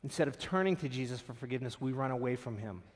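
A man's voice: medium pitch, fast. A man pastor preaching a sermon, telling stories and acting out the voices in them. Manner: animated storytelling, acts out quoted voices.

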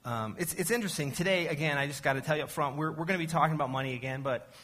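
A man's voice: on the high side, very fast, fairly bright tone. A man, the church's arts director, giving a casual sermon talk in a chatty, self-deprecating way with many fillers and restarts.

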